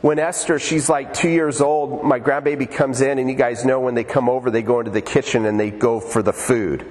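Chatty preacher in a reverberant hall. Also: male voice, mid-range voice, fairly even intonation, brisk, darkish tone. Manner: conversational, storytelling, jokes with the audience. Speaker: pastor. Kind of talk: sermon. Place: church in Oregon.

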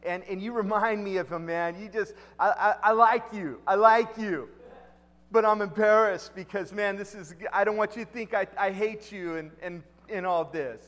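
A man's voice: high voice, fairly even intonation, normal speed, hardly any pauses, a bit bright, long reverb tail. A pastor putting on a stammering Puerto Rican guy. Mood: friendly. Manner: stammering, calls everyone buddy. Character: friendly embarrassed Puerto Rican man, laid-back.

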